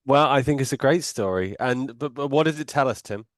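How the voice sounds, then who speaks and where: A man's voice: mid-range voice, fairly quick, no room sound, clean studio sound. A man hosting a training session, giving brief, encouraging replies in casual chat. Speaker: host of a negotiation training session.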